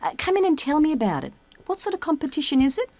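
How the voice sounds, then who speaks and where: Encouraging professor, lively voice. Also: female voice, high voice, fast, dry recording. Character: female professor advising a student. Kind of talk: scripted exam listening recording.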